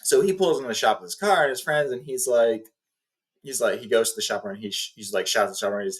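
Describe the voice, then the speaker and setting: A man's voice: mid-range voice, quick pace. A man hosting a video, casually retelling a movie plot in a rambling, filler-heavy way. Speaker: video host.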